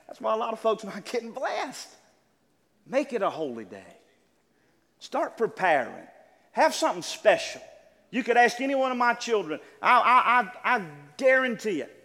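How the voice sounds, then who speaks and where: An older man preaching a sermon to a congregation, calling out amens and building to loud, exclaimed lines. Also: extremely high pitch, big pitch swings, normal speed. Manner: preaching with call-and-response amens, building to shouts. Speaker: pastor. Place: church. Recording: church hall with long reverb.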